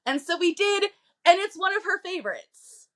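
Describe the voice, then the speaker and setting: Bright-voiced chatty female co-host. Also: very high-pitched, very animated, normal speed. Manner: chatty, storytelling, laughs easily. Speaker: podcast co-host. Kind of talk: casual chat.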